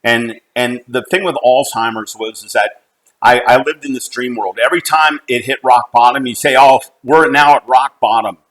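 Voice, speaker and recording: On poor audio, a middle-aged CEO from the United States recounts a personal story about his family in a mid-range, slightly bright voice. He's earnest yet halting, repeatedly beginning his sentences again.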